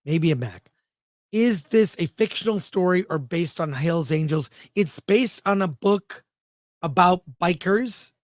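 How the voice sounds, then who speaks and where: Brash high-voiced male film critic. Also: expressive, a little slow, no echo. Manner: brash, blunt, jokey, reads viewer comments aloud. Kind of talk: casual livestream film review chat.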